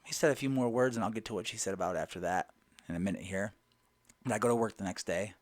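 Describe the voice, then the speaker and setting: A man telling a personal story in a lively way, retelling the dialogue line by line. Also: fairly low pitch, fast. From Southern United States. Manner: animated, retells dialogue with "I go" and "she goes".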